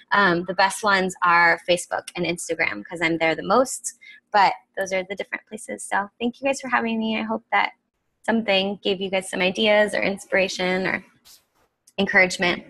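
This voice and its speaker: Young woman giving a team call talk, a bit of fry in her voice, dry close sound. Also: mid-range voice, fairly bright tone, no room sound, rough recording. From United States. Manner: candid, encouraging. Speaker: guest speaker.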